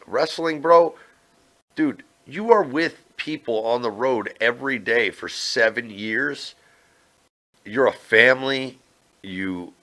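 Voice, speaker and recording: A man, a former pro wrestler, telling brash, profane stories as a podcast guest. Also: mid-range voice. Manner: brash, profane, animated storytelling. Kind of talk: casual interview chat.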